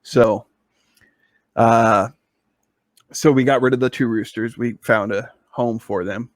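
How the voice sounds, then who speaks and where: A man's voice: medium pitch, fairly even intonation, takes it slowly, no room sound, studio quality. A man co-hosting a podcast, telling a long casual story, full of fillers and restarts. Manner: rambling, with many fillers and restarts. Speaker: podcast co-host.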